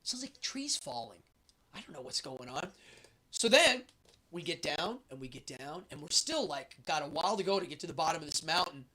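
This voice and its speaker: Man, rambling storyteller, lots of fillers, bright husky voice. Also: a little high, moderate pace. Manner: animated, rambling with many fillers. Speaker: host telling a travel story. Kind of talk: casual storytelling.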